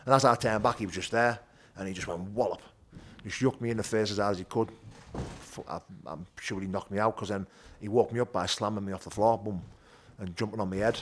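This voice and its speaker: Blunt Teesside man, low voice. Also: quick pace, a little hiss or hum. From North East England. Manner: blunt and animated, swears freely, many restarts. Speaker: guest, bare knuckle fighter. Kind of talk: candid storytelling interview. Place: gym.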